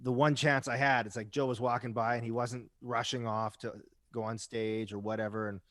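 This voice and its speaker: With a fairly bright tone and little pitch movement, this man speaks at medium pitch and a moderate pace, no echo behind him. He's a rock musician on a podcast, casually telling stories, repeatedly asking "right?" and cursing occasionally.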